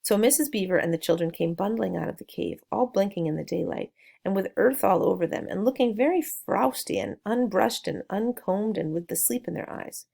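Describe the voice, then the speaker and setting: A woman narrating a children's book aloud in a gentle storytelling manner, with a gravelly, creaky texture to her voice. Her pitch sits in a middle range, and she sometimes stops to add a little aside to the listener. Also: brisk. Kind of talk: reading a children's novel aloud.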